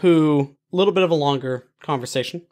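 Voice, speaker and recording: A man's voice: a little high, brisk. A young man co-hosting a podcast, telling comic stories in casual chat. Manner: animated storytelling with quoted banter. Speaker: podcast co-host.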